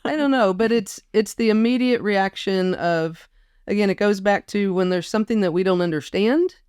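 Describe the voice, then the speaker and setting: A woman's voice: mid-range voice, moderate pace, a little mellow, clear, resonant tone, no room sound, studio quality. A woman guest in a casual conversation, reflective and storytelling, often quoting others. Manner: reflective storyteller, quotes others with put-on voices. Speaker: podcast guest.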